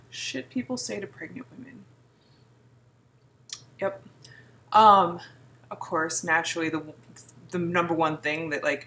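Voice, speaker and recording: A woman's voice: lowish voice, bright, forceful tone, slight background noise. A pregnant woman in her thirties ranting in a casual vlog, blunt and sarcastic, mimicking other people's remarks. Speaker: vlogger.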